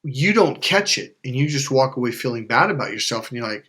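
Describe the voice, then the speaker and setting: A man who is a life coach and channel host gives a direct-to-camera motivational talk, his mid-range, slightly bright voice very animated, fairly quick and with few pauses. He speaks bluntly and emphatically, swears a lot, repeats phrases and acts out the voices of people in his stories.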